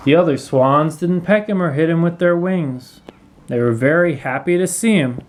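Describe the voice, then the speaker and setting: A man reading a children's storybook aloud, clear and expressive. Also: fairly high pitch, moderate pace, slight background noise, low-quality recording. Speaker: storybook reader.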